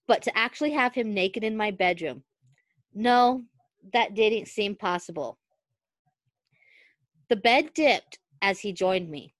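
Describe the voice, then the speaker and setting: A woman podcast host reading a fan fiction story aloud, expressive and quick to break into laughter. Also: medium pitch, no echo.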